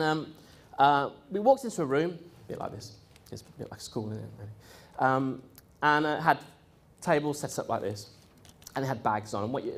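Telling a first-person story to a room, this man speaks in a mid-range voice, loose and chatty. He's animated and laughs often, imitates the people he quotes, and peppers his talk with ums and uhs as he recounts what happened to him.

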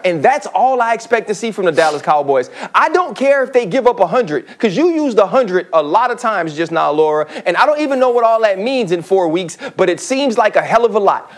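Man, high voice, sports analyst, emphatic, joking. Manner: emphatic, joking, preachy bursts. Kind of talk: animated studio sports talk.

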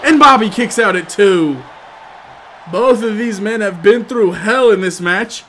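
Male play-by-play caller, high and forceful, builds to shouting hype. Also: measured pace, slight background noise. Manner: builds from steady calls to loud, shouted excitement. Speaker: commentator for his own gameplay video. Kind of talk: sports-style play-by-play commentary.

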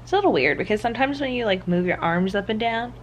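A young woman with a slightly high voice and lively intonation talks fast to her handheld camera at home, with a little hiss or hum in the recording. Her casual vlog chat rambles, is packed with "like"s, and now and then leaves her out of breath.

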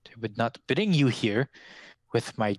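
A man's voice: medium pitch, animated, no echo, lightly acted, poor audio. A man doing Madam Eva, cryptic old seer woman. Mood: stern. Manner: slow, theatrical, ominous pronouncements. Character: old female fortune-teller seer, cryptic, cackling.

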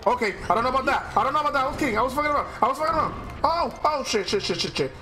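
A man giving loud, excitable gameplay commentary, swearing and trash-talking the enemies as he plays. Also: very high voice, rapid-fire, over music. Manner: excitable trash talk, swearing, shouting at the game. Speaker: gaming YouTuber.

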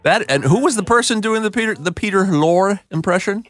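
A man's voice: high voice, expressive, a little fast, faint music behind. A man co-hosting an interview, eagerly prompting the guest with questions. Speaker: co-host interviewer. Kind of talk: casual interview chat.

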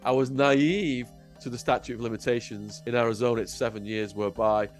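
English man, dramatic storyteller, mid-pitched, faint music under. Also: steady tone, brisk. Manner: vivid, acts out voices. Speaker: interview guest.

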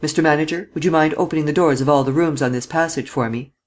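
A man's voice: on the high side, fast talker, natural voice. A man reading an audiobook and voicing a short-tempered chief detective who snaps out orders. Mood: curt. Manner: curt, commanding. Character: curt ill-tempered male chief detective.

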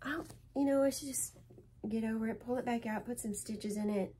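A woman's voice: on the high side, fairly even intonation, a little fast, dark tone, a little hiss or hum. A woman hosting her own stitching vlog, talking in a chatty, rambling and emotional way as she shows her projects at home. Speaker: flosstube host. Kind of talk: casual show-and-tell chat.

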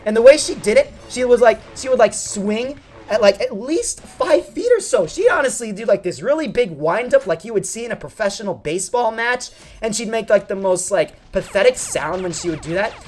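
A man's voice: high voice, a little fast, hardly any pauses. A young man, a gaming channel host, telling a long, rambling story over gameplay and often getting sidetracked. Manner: rambling, animated, easily sidetracked.

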